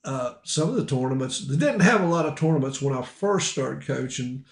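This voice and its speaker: A man's voice: mid-range voice, animated, moderate pace. A man hosting a podcast interview, chatty and laughing often as he leads his guest with questions. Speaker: podcast host. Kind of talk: casual interview chat. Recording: roomy echo.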